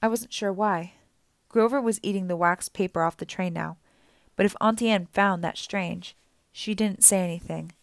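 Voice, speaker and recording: A woman narrating a novel in the first person as an audiobook reader, with a steady storytelling delivery. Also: medium pitch, normal speed, dry recording.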